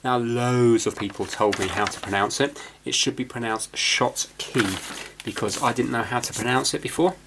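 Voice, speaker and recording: This man hosts a repair video, speaking briskly in a steady, medium-pitched voice against background noise. His explanation is chatty and meandering, self-deprecating, and packed with fillers and false starts.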